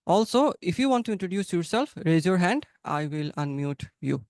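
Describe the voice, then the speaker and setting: A man's voice: high voice, animated, normal speed, gravelly, darkish tone, no echo, studio quality. A young man from Bangladesh with a Bangladeshi accent, hosting an online English practice class in a chatty, encouraging way over a video call. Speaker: English conversation practice host. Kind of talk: casual online class talk. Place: home, online webinar.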